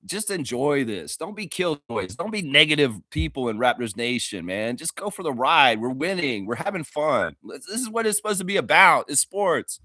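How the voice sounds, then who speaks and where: A young man hosting a casual fan show, excitable, laughing often and mimicking others in high squeaky voices. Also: normal speed, hardly any pauses, no echo, studio quality. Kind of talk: casual fan talk stream.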